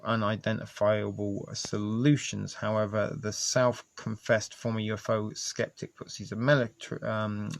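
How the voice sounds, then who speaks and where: A man reading articles aloud and commenting in a casual, halting way, with many ums and restarts. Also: lowish voice, gravelly, no echo. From England. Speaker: video host.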